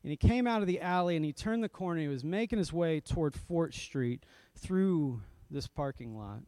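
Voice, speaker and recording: A man's voice: on the high side, animated, moderate pace, warm tone, dry recording. A man serving as a pastor, telling a self-deprecating story in a sermon and laughing often as he goes.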